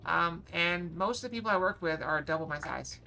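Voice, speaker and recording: A woman chatting quickly and playfully to her live-stream viewers while gaming, sometimes reading game lines aloud. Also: on the low side, expressive, vocal fry, bright, forceful tone, soft background music. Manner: fast-talking, bubbly, apologizes for talking too fast; reads game dialogue aloud.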